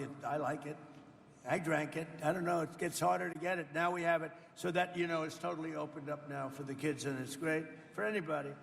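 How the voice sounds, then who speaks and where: A man's voice: fairly high pitch, gravelly, in a large hall. An older man, a president, giving a rambling off-the-cuff speech to farmers, boasting and turning to the audience with chatty asides. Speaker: president speaking at a farmers' roundtable. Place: indoor roundtable event.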